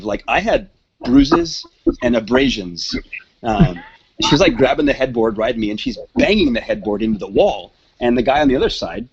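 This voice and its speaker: A man with a gravelly, husky voice spins a raunchy anecdote, his pitch leaping around as he acts out everyone involved. The sound is dull and lo-fi, like a basic podcast recording. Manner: profane, animated, acts out quoted voices. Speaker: podcast guest. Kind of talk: casual storytelling.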